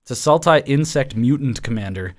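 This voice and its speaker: A man in a loose, casual podcast chat, stopping and starting as he reads card rules aloud. His voice sits at a middling pitch. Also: animated, darkish tone. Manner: reads card text aloud, halting with fillers. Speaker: podcast host.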